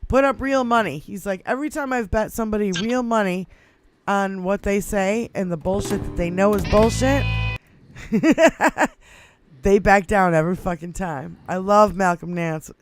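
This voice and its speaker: A man's voice: high-pitched, unhurried, over music. A man co-hosting an internet talk show, ranting about politics with heavy swearing and frequent laughter. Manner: swearing, animated, laughing a lot. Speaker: podcast co-host. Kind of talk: profane political rant.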